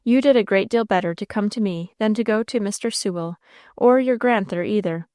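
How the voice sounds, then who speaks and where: A woman voicing a gruff but kindly old male sea captain who talks in a slow, folksy rural dialect with a confidential tone. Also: mid-range voice, a little mellow, no echo, studio quality, lightly acted.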